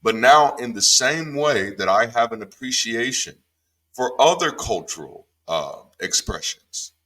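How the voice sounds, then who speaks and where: Bright-voiced, emphatic ex-preacher man. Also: measured pace. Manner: emphatic, swears freely, swings from low and calm to sharp and high when heated. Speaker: former pastor turned online commentator. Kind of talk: casual Bible commentary.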